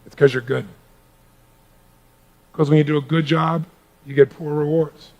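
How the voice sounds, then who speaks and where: A gravelly middle-aged man delivers a motivational talk to a live audience in a large hall. His voice sits fairly high for a man, with a rough, grainy edge. He drops to near-whispers and then surges into shouts. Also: unhurried. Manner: booming, energetic, swinging from hushed to shouting. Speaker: motivational speaker.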